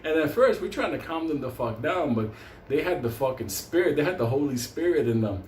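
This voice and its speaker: A man's voice: on the high side, a little fast. New guy telling a crazy story, swears nonstop, keeps laughing, echoey room with faint background hum. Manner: animated, laughs often, heavy swearing. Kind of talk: profane comic storytelling. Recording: roomy echo, faint ambience.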